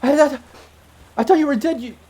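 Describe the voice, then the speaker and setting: Man voicing a woman rebel leader, scarred, weeping, high strained voice, tabletop game. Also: fairly quick, warm tone. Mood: overjoyed crying.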